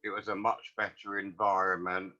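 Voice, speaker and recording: A man's voice: low voice, little pitch movement, normal speed, pushed and bright. A man, recalling the past as a guest in a rambling, earnest way. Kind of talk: casual storytelling. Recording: dull lo-fi audio.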